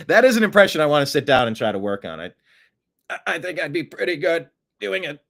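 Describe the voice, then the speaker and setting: A man's voice: a little high, sing-song, fast, gravelly, fairly bright tone. A man hosting casual political commentary, sarcastic, and mocking his critics with put-on gasps and voices. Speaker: host.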